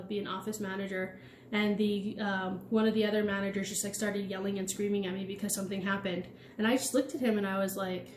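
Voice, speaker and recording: A chatty woman with a slightly high voice talks casually to her viewers and keeps checking in with "right?". She acts out her own inner thoughts in quick asides. The room sounds echoey, with a faint hiss of background noise. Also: a little mellow. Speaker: channel host. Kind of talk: casual talk to camera.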